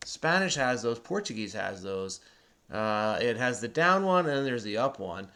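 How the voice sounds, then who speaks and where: A man's voice: medium pitch, very animated, moderate pace, pushed and bright. A man hosting a crossword video, patiently and chattily explaining the clues to a child who does the typing. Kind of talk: casual explaining to a kid while solving.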